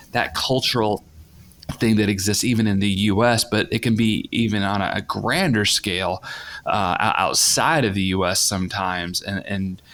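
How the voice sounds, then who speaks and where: A middle-aged man with a low voice hosts a casual podcast conversation, telling stories in a rambling, chatty way with many restarts. A faint hum sits behind him. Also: a bit bright. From northern United States. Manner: chatty storyteller, frequent restarts, laughs while telling stories. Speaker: podcast host.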